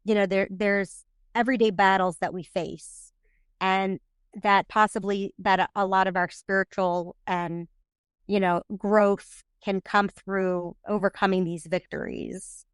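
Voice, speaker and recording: Brief: woman host, mid pitch, smooth, halting questions, dry close mic. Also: steady tone, dry recording. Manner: halting, many restarts when asking questions. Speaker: podcast host. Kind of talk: podcast interview.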